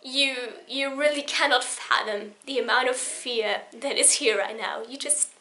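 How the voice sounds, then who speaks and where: A Polish vlogger in her twenties speaks in an earnest, emotional personal vlog, rambling a bit and often restarting her sentences. Her voice is slightly higher than average, bright and forceful, and she talks a little slowly.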